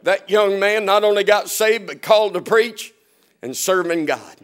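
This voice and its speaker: A man preaching with a somewhat high-set voice. He tells homespun stories with humor, chuckling as he goes. He rises to loud emphasis, then drops to a near hush. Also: normal speed, clean tone. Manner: folksy and humorous, swinging from loud to hushed; often chuckles while telling stories. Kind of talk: storytelling sermon.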